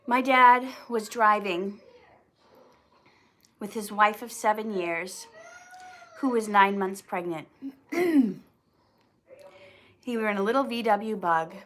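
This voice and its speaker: A woman hosting a casual livestream, clearing her throat often and restarting her sentences as she tells a personal story, sounding teary. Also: mid-range voice, slow pace, pauses often, a bit bright. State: teary, emotional. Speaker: YouTube channel host answering viewer questions.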